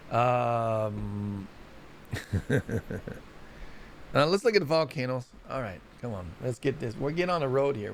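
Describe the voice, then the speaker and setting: Brief: American male host, casual and rambling, gravelly edge, mid pitch, faint noise behind. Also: a bit bright. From United States. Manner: rambling, folksy, talks to viewers. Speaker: host of a science news show. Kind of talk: casual live commentary.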